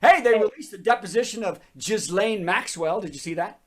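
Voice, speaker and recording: A man's voice: sits high, a little fast, crowd noise. A man hosting a comedy show over a video call, telling topical jokes and laughing at his own bits.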